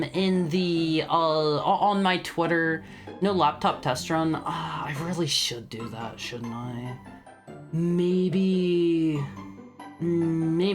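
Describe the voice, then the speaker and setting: A man's voice: on the high side, fairly bright tone. A young man streaming from home, chatting casually with his chat, stammering and laughing often as he reads messages. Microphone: studio microphone.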